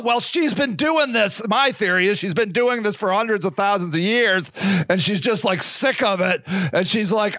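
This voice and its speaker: Rambling, profane solo podcast host, male, high pitched, dry close-up sound. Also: moderate pace, pushed and bright, no room sound. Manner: rambling, profane, self-interrupting.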